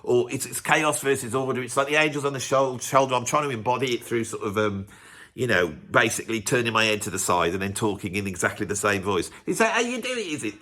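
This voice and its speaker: A man's voice: medium pitch, fairly even intonation, quick pace, pushed and bright. A man hosting his music channel, rambling and teasing his viewers. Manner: rambling, teasing, self-mocking asides. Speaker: YouTube music channel host. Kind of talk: casual vlog commentary.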